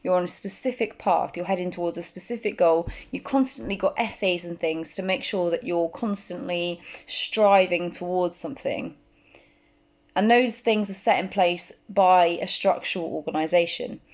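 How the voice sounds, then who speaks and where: A woman in her twenties talking casually to camera as a vlogger, full of fillers and quick asides. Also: lowish voice, darkish tone. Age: 20s. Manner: chatty, many fillers like "like". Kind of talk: casual chat.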